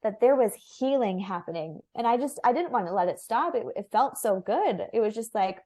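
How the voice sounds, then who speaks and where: A woman's voice: a little high, expressive, fairly quick, few pauses, dark tone. A young woman speaking as an interview guest, telling her personal story earnestly and candidly, with lots of filler "likes".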